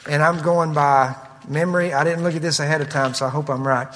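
A man's voice: on the high side, fairly even intonation, fairly quick, a bit bright. A man preaching an expository sermon, reading scripture quotes in an earnest, emphatic way. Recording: long hall reverb.

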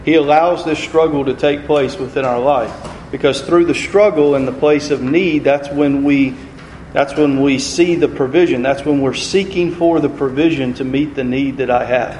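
Man, mid-pitched Bible study teacher, earnest and repetitive, roomy recording with faint background noise. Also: darkish tone. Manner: earnest, repeats key phrases, slows on scripture. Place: room with a group, reading from a computer. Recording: echoey room, faint ambient noise.

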